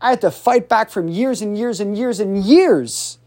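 A man coaching on communication in an energetic, motivational way, often checking in with his listeners. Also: high voice, measured pace. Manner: energetic, checks in with "right?" constantly; swings voice up and down to demonstrate tone. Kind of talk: animated motivational teaching.

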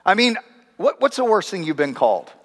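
A man preaches a sermon, telling stories and slipping into voices with dry, wry asides. His voice sits high. The sound rings with a long hall reverb. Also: big pitch swings, brisk, a bit bright. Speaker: pastor.

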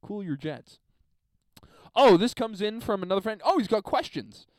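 A man's voice: sits high, lively intonation, normal speed, a little mellow, no room sound, clean studio sound. A man hosting a solo podcast from a basement, reading listener emails in a crude, sarcastic, rambling rant. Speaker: podcast host.

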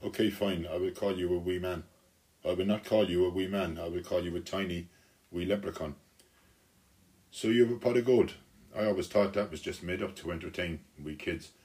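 A man's voice: low voice, fairly quick, darkish tone, natural voice. A man voicing a cheerful young boy who talks in a friendly, teasing way in a storybook.

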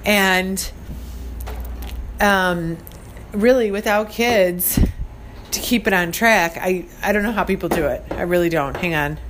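A woman's voice: on the low side, measured pace, pauses often, noisy background. A woman in her forties hosting a casual solo podcast from her studio, rambling and chatty with frequent laughs. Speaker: podcast host.

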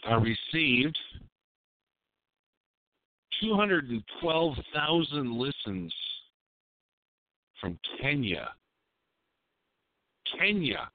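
A man's voice: mid-range voice, sing-song, extremely slow, long pauses, no room sound. A man hosting a live call-in radio show, talking in a rambling, crude and provocative way. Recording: dry tinny phone-like sound.

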